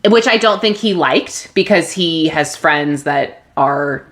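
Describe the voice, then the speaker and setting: A woman podcast host candidly telling a personal story, open and emotional, with restarts and soft laughs. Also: sits low, lively intonation, slow.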